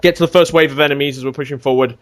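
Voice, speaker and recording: A man telling a gaming story on a casual podcast, animated and swearing freely. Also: fairly high pitch, rapid-fire. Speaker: podcast regular.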